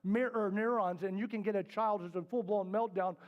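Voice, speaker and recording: A middle-aged man teaching a parenting workshop, talking candidly to a live group. He tells stories, acts out the voices in them and drops to a soft, quiet tone for serious points. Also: high voice, steady tone, brisk, highs cut off. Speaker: parenting class instructor. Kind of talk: storytelling workshop talk. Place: indoor classroom with a live group.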